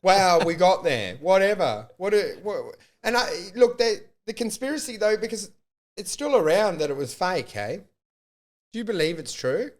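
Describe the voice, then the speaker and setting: Male comedy podcast co-host, high-pitched, animated and crude. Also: normal speed. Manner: animated, riffing bits with acted-out quotes.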